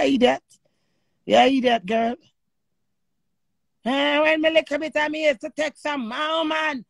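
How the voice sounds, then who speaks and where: Jamaican woman, confrontational live-stream rant, heavy cursing; high-pitched, close and dry. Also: no room sound.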